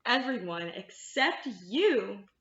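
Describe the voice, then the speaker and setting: A woman's voice: on the high side, sing-song, slow pace, a bit bright, roomy sound, dull audio, exaggerated voice. A woman voicing a stern, bossy female character in a picture book who scolds firmly. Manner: firm, scolding, emphatic. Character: stern bossy female friend refusing hugs.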